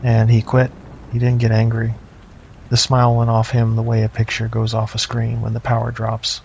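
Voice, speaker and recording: A middle-aged man narrating a first-person horror story in a slow, measured, deadpan way. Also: medium pitch, gravelly. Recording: slightly dull lo-fi, faint noise.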